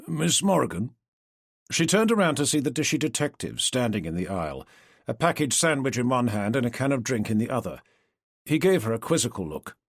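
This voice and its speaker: A man reads an audiobook with expressive, measured storytelling. His voice is husky and a little breathy, and his pitch rises and falls a lot. The recording is dry and close to the mic. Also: no echo. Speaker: audiobook narrator. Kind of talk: scripted audiobook narration.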